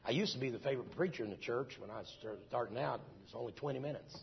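A man's voice: mid-range voice, racing, creaky, dull audio, slight background noise. A middle-aged man, preaching a testimony in a folksy storytelling way full of restarts. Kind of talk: sermon testimony.

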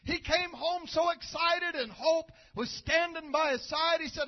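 A male preacher tells a story in a sermon, moving from quiet narration to loud, shouted praise. His voice sits very high. The recording is muffled and lo-fi. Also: a little slow, hardly any pauses.

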